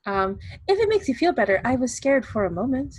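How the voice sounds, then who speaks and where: A woman's voice: high voice, very animated, brisk, slightly rough, no room sound, rough recording. Dry-sounding woman player, wry. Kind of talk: tabletop role-play.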